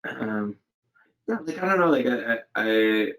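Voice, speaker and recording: A man's voice: mid-range voice, animated, unhurried, a bit bright, poor audio. A man, an actor, answering interview questions in a thoughtful, hesitant way, with many fillers and restarts, recorded from home. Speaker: actor guest. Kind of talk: casual interview over video call. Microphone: home setup during lockdown.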